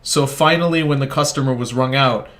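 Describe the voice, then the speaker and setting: Fairly quick and fairly bright, this man's mid-range voice carries a rambling, profane story told casually while he plays a video game. He's a gaming video creator who keeps interrupting himself to comment on the gameplay.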